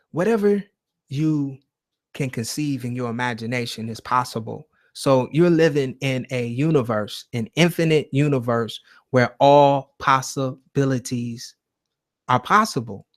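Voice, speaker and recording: A man with a medium-pitched voice hosts a casual call-in livestream, speaking slowly with long pauses. His manner is loose, profane and emphatically preachy, and he talks straight to viewers while reading their chat.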